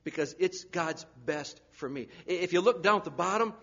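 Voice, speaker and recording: A man preaching a sermon, swinging from loud urgent pleading down to hushed, near-whispered lines. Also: high-pitched, moderate pace, muffled recording.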